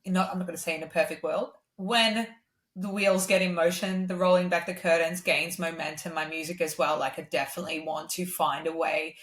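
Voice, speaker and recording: A woman speaks as a guest, candid and earnest as she tells her stories in easy conversation. Her voice sits a little low for a woman. The room around her adds a clear echo. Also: fairly even intonation, a little fast, a bit bright. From Australia. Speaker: guest singer-songwriter. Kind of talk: casual conversation. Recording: roomy echo.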